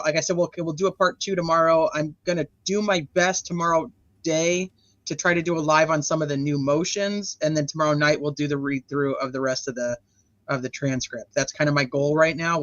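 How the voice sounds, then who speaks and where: A man hosting a true crime live stream, chatting casually with guests and sending warm thanks to viewers over a video call. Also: a little high, fairly even intonation, brisk, no room sound. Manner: chatty, rambling, affectionate sign-offs. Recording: dull dry lo-fi sound.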